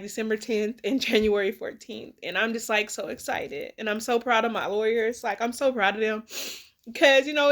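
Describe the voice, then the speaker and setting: A woman in a candid, emotional personal vlog, tearful and rambling with many fillers, speaking. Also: fairly high pitch. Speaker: vlogger.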